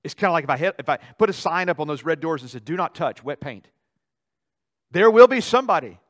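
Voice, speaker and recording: A male pastor preaching a sermon in a church, animated, swinging between loud dramatic outbursts and quiet asides. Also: on the high side, very fast. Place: church sanctuary.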